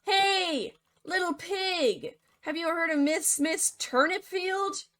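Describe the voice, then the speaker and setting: A woman voicing a pushy big bad wolf who acts mock-polite and yells his threats, in a comedy cartoon retelling. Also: very high voice, animated, slow, pitched above the performer's own voice, heavily acted. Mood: wheedling. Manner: mock-polite, then loud huffing and shouting.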